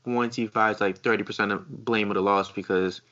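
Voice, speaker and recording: A man with a lowish voice and a bright, forceful tone chats on a sports podcast. He hesitates and restarts his sentences, filling the gaps. The sound is dull and lo-fi. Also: fairly even intonation, fairly quick. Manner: chatty, hesitant, with fillers and restarts. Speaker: podcast co-host. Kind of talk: casual sports podcast chat.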